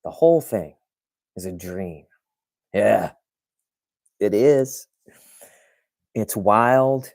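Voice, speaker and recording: A man's voice: lowish voice, lively intonation, very slow, vocal fry, pauses often, a little mellow, no echo, clean studio sound. A man hosting his own podcast, chatting casually and directly with live viewers and reading their comments. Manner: conversational, talks straight to chat, restarts often. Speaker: podcast host. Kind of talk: casual livestream talk to viewers.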